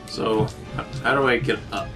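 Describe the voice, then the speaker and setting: A man's voice: medium pitch, fairly even intonation, normal speed, a bit bright, distant mic. A man playing a video game and trading dry, joking comebacks with friends. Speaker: player. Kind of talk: casual let's-play banter. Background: game music.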